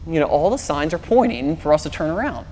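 An uneasy, hesitant wife, as a male preacher quotes her in a sermon. Her words come out cautious, in a voice that sits high. They ring with a long hall reverb. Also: sing-song, fast talker, warm tone, a little hiss or hum. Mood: worried. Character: cautious worried wife, adult woman.

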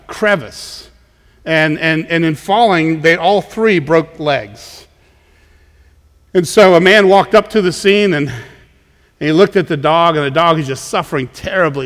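Casting note: male pastor with a slightly high voice, chatty sermon delivery with stumbles and repeats, recorded in a big echoing sanctuary. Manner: conversational, frequent word repeats and restarts. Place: church sanctuary. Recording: long reverb of a large hall.

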